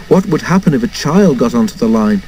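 A man's voice: medium pitch, lively intonation, a little fast, a little mellow, a little hiss or hum, close to an everyday voice. A man voicing a small, eager young tank engine who frets earnestly about doing well, in a storybook reading. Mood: worried. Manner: fretful, earnest. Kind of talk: storybook character voice.

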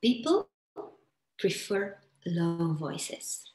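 Slow, deliberate woman coach in an echoey room. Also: fairly low pitch. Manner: slow, deliberate and expressive, with playful vocal demonstrations. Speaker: voice coach presenter. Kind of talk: presentation to coaches. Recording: roomy echo.

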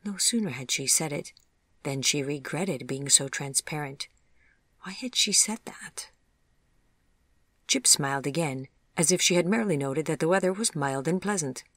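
An audiobook narrator reading a storybook tale in a gentle, measured, even manner. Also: mid-range voice, no room sound, studio quality.

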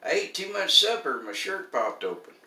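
Older male preacher, folksy sermon voice, bright tone, set back from the mic in a roomy space. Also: sits high, sing-song, moderate pace, recorded from a distance, slight background noise. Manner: folksy, homespun humor.

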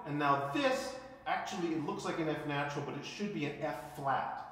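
A man teaching viola, calling out counts, accents and dynamics as he demonstrates, then explaining calmly. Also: on the high side, moderate pace, few pauses, music in the background. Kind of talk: instructional music lesson. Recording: echoey room with viola playing. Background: viola playing.

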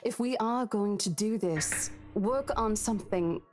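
An actress voicing a caring woman real estate agent in a game, speaking gently and with concern. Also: mid-range voice, unhurried, faint music behind, natural voice. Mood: reassuring. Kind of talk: game voice acting.

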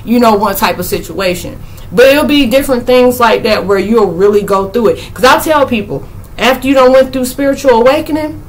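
Animated woman telling stories with laughs. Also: brisk, slight background noise, rough recording. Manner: animated, laughs often, acts out quotes in high squeals. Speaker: spiritual vlogger. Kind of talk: casual storytelling monologue.

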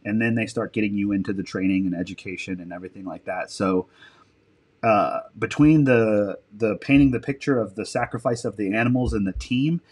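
A man with a somewhat low-pitched voice talking casually as a podcast guest. He rambles through long stories, drops casual swear words and restarts his sentences often. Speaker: podcast guest, military dog handler. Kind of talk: casual interview storytelling.

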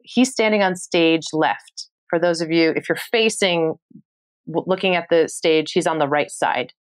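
A woman in her thirties from New York City, a podcast guest telling a story with expressive energy and casual swearing. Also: sits low, measured pace. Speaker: podcast guest, travel show host. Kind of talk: animated storytelling.

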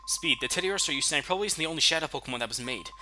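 A man reading a quiet, worried lab scientist. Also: a little high, animated, very fast, a little hiss or hum, voice pushed down.

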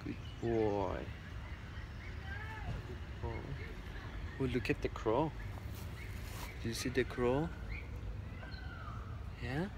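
This man's medium-pitched voice draws out words and pauses often against a noisy background. Filming his cockatoo outdoors at a farm, he talks to it fondly, coaxing and repeating words.

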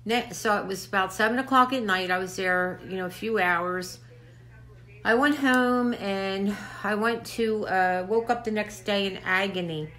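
A woman's voice: mid-range voice, a little slow, a bit bright. An older woman hosting a crafts channel, chatting to camera in a rambling way and a little out of breath. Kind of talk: casual chat to camera.

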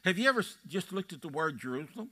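A man's voice: fairly high pitch, big pitch swings, rapid-fire, sharp tone. A man in his eighties with a Texan accent, preaching a sermon in a folksy storytelling way and quizzing his congregation. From Texas. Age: 80s. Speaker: pastor. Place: church sanctuary.

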